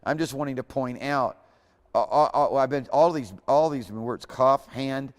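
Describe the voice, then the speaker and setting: A man's voice: medium pitch, measured pace. A man lecturing a class in an informal, rambling way, correcting himself as he goes and repeating words aloud for students. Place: lecture hall. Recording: hall reverb.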